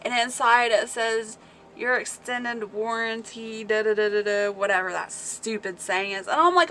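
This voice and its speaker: A woman's voice: mid-range voice, animated, moderate pace, sharp tone, slight background noise. A woman hosting a casual livestream, chatting with viewers, telling stories and reading comments aloud, laughing often. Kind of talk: casual chat.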